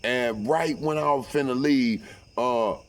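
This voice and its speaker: A man's voice: medium pitch, measured pace. Profane man telling a story. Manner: profane, animated, acts out every voice. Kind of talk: casual storytelling.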